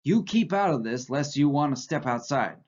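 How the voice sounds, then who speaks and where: A man putting on a short-fused young bully, sharp and threatening, pushed a bit higher than his own voice. The recording is a touch muffled. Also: animated, normal speed. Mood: raging. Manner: snarling, threatening. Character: hot-tempered small young male bully.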